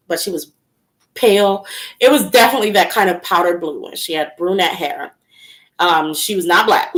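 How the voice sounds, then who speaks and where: A woman's voice: medium pitch, a bit bright. Chatty young woman telling stories. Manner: chatty, lots of "like" and "um", laughs while telling. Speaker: tarot channel host. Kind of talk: casual storytelling livestream chat.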